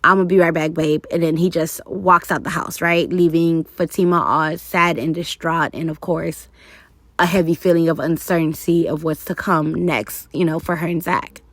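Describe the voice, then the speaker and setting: A woman's voice: low voice, flat delivery, moderate pace, fairly bright tone, no room sound. A woman talking casually about a TV show, rambling with fillers as she works through her ideas. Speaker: TV commentator. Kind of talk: casual commentary vlog.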